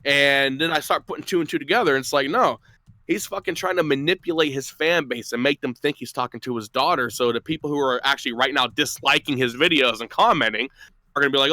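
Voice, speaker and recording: Bright-toned man telling stories. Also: mid-range voice, quick pace, dry recording. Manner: profane, rambling storytelling with frequent laughs. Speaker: guest. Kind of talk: casual call-in chat.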